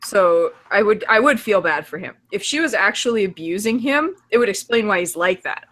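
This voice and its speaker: A woman's voice: medium pitch, animated, normal speed, fairly bright tone. A woman co-hosting a livestreamed talk show, joking crudely and laughing often between lines. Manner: laughs often, swears freely. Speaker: podcast co-host. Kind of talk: crude casual banter.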